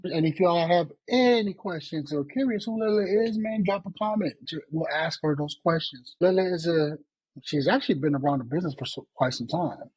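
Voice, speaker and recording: Husky laid-back male podcast host. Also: a little high, darkish tone, no room sound, rough recording. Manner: laid-back, peppers talk with "man". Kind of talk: casual podcast chat.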